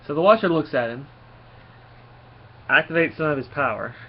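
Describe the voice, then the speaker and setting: A man's voice: on the high side, lively intonation, normal speed. A man giving a casual spoken review, rambling along with frequent fillers and restarts. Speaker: comic book reviewer. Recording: slightly dull lo-fi recording with faint noise.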